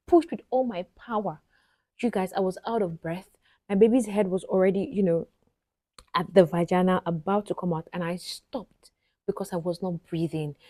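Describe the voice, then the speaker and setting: A woman's voice: medium pitch, warm tone, no echo. A Nigerian woman vlogger telling a personal story to camera, chatty and often talking straight to her viewers. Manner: chatty, frequently addresses viewers directly.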